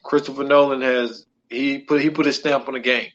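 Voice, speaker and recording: A man's voice: mid-range voice, steady tone, a little fast, fairly bright tone. Podcast guy rambling casually, keeps saying man, kinda muffled lo-fi sound. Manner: loose, repeats himself, keeps saying "man". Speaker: podcast co-host.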